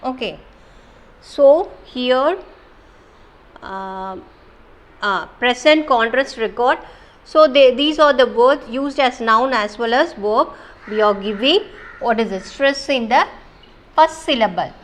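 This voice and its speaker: Higher-pitched woman teaching from Kerala. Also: animated, rough recording. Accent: Indian English, Kerala. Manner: explains slowly with many fillers and check-ins. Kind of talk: recorded online English lesson.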